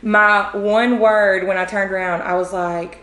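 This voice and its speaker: A woman, a podcast guest telling a story in a chatty, animated way with many fillers. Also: mid-range voice, unhurried. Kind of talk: casual storytelling. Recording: roomy echo.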